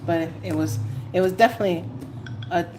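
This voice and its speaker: Animated New woman telling stories. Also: fairly low pitch, fast talker, noisy background. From New York. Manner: animated storyteller, laughs often, dramatic asides. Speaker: tarot reader. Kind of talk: casual live-stream chat.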